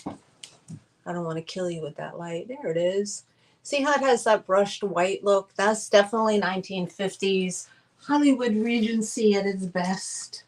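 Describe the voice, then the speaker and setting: A woman hosts a live online sale. She talks in a slow, unhurried way. She chats warmly and gushes to her viewers. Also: medium pitch, poor audio. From northern United States. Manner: chatty, gushing, talks to viewers directly. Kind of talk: casual live sale chat.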